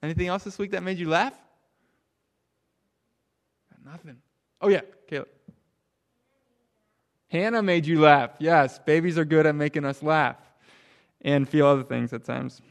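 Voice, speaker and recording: A man leading a children's sermon, asking the kids questions and swinging from loud emphasis down to a near hush. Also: a little high, a little slow, gravelly, pauses often. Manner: animated, drops to a hush for emphasis. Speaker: pastor.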